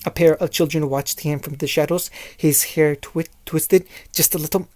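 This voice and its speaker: Stumbling, flat-voiced fan fiction reader. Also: medium pitch, moderate pace, no echo. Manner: stumbling, restarting phrases. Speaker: narrator.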